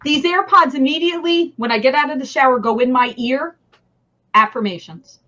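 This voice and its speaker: A woman's voice: sits high, a little fast, sharp tone, dull audio. A woman with a New Jersey accent, a guest talking energetically and emphatically, laughing often. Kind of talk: casual chat on a webinar.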